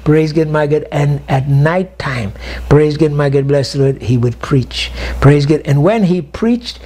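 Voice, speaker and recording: A man's voice: fairly high pitch, unhurried, dark tone. An older man, a bishop, telling stories in an interview and peppering nearly every phrase with "praise God, my God.". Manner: constant refrains of "praise God, my God". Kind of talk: storytelling interview.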